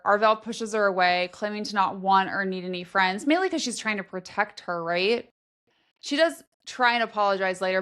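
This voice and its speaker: A woman with an ordinary mid-range voice, chatting casually on a book podcast. She walks through the plot at an even, steady pace and tosses in quick dry asides. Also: medium pitch, clear, resonant tone. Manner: steady plot summary with short dry reactions. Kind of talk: casual chat recapping a book.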